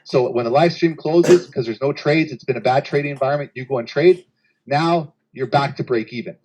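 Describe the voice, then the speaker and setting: A man hosting a trading livestream, telling a story in a casual, animated way and acting out a trader's inner voice. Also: medium pitch, a little fast, slightly rough, low-quality recording.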